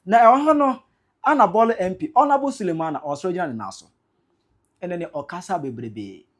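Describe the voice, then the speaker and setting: A man's voice: high voice, animated, brisk. A man from Ghana, host of a blog channel, giving indignant commentary on a political clip and mixing Twi and English. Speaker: news commentator.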